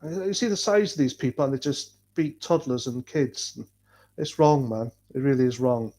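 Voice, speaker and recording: Reading chat on his livestream, a North Welsh man with a matching accent chats casually, rambling bluntly and cursing without restraint. His mid-range voice has a dark tone and moves at a normal speed.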